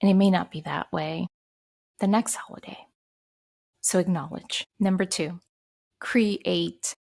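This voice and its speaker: Husky gravelly woman sharing heartfelt advice. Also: on the low side. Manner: heartfelt, speaks of grief and gently advises. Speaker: podcast host. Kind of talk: personal self-care talk.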